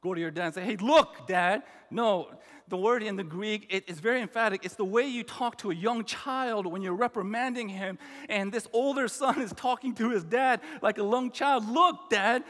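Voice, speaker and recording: A man's voice: high voice, normal speed, fairly bright tone, big-room sound. A man preaching a sermon, emphatic, acting out the quoted lines. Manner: emphatic, acts out the quoted brother. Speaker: pastor.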